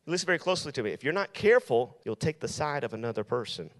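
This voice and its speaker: A man's voice: medium pitch, sing-song, fast, big-room sound. A male youth pastor preaching to teenagers in an emphatic style, repeating his key lines. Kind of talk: sermon.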